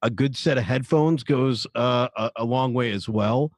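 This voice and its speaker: A man's voice: medium pitch, normal speed, no room sound. A man talking in a casual panel chat, hesitant with many fillers and restarts. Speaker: streamer panelist.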